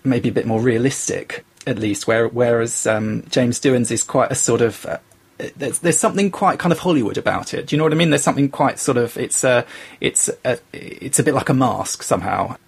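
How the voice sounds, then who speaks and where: A man's voice: mid-range voice, fairly quick, gravelly, slightly rough. A man with a London accent co-hosting a podcast, talking in a casual, hesitant way with many restarts. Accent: London English. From England. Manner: hesitant, lots of restarts and fillers. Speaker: podcast co-host. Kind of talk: casual discussion.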